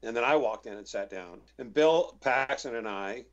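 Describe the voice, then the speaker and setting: A man's voice: mid-range voice, moderate pace, dull audio. A man, an actor guest in an interview, telling stories casually and acting out the voices he quotes. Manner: animated anecdotes, acts out quoted voices.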